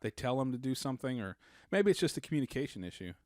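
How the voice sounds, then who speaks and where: A man's voice: mid-range voice, sing-song, fast talker, darkish tone, dry recording. Dry-miked man telling a rambling story. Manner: rambling anecdotes, acts out the people he quotes. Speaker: podcast co-host. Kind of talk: casual storytelling chat.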